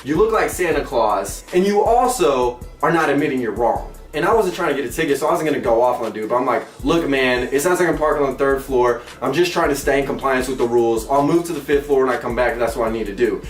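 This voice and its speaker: A young man hosting his own show, telling a funny personal story with animated, squeaky outbursts and playful voices. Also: fast, few pauses, faint music behind. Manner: animated, breaks into squeaky exclamations and mock singing. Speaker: comedic storyteller host. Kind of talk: comedic storytelling vlog. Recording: echoey room, mic at a distance.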